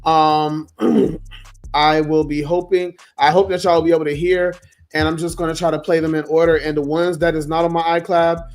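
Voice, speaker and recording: Hoarse high-voiced man ranting. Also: flat delivery, moderate pace, soft background music. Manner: blunt, profane, venting. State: hoarse, losing his voice. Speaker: livestream host. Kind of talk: casual livestream rant.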